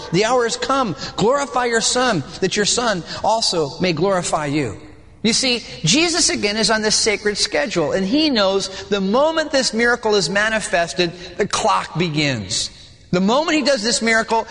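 A male pastor preaching a sermon, dramatic and animated, acting out the voices of the people in the story. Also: high-pitched, in a large hall.

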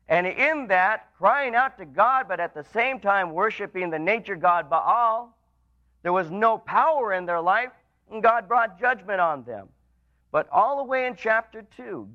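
A man preaching a sermon, rising for emphasis and dropping low and soft for quoted lines. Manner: rises in pitch and volume for emphasis, drops low and quiet for quoted lines. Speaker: pastor. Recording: dull, lo-fi sermon recording.

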